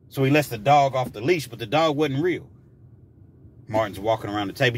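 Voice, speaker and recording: A man's voice: mid-range voice, a little fast. A man telling a personal story casually, acting out scenes as he goes. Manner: animated, acts out scenes.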